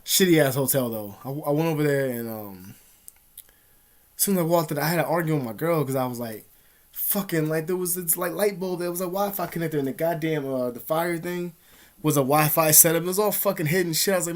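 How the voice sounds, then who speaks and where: A man's voice: fairly high pitch, a little fast. A young man vlogging, telling a rambling, agitated story with constant swearing. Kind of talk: casual storytelling to camera.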